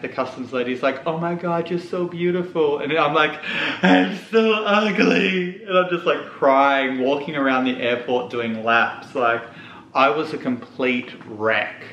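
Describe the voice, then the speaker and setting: Young male vlogger, emotional and tearful, crisp voice, slight background hum. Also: mid-range voice, sharp tone. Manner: candid, tearful, holding back tears. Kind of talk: emotional storytime to camera. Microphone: camera mic. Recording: echoey room.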